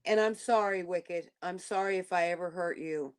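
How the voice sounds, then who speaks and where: A woman's voice: lowish voice, normal speed, smooth. A woman co-hosting a casual livestream chat, laughing often and chiming in with apologies.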